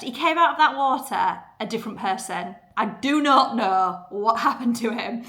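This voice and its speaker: A woman's voice: fairly high pitch, sharp tone. A woman, giving an earnest, chatty motivational talk as a podcast host. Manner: chatty, earnest, lots of fillers.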